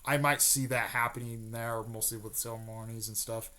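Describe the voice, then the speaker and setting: A man casually retelling a fan-made story off the cuff, rambling with many fillers and restarts and tossing in quick snippets of characters' lines. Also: medium pitch, steady tone, bright, forceful tone.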